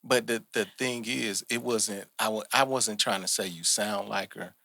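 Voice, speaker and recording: Male podcast host, very deep husky voice, relaxed storyteller. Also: normal speed, dry recording. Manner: laid-back, quotes himself in retelling. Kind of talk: casual chat.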